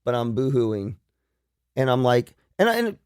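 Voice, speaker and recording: Candid, halting male psychologist co-host. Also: mid-range voice, big pitch swings, darkish tone, clean tone, no room sound, clean studio sound. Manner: candid and self-deprecating, halting restarts. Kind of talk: casual radio chat.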